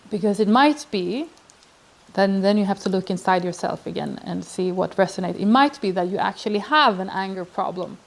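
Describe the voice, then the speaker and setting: A woman's voice: mid-range voice, darkish tone. Woman giving self-help tips, acts out little conversations, lots of restarts. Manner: thoughtful, acts out example dialogues, frequent restarts. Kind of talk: casual advice talk.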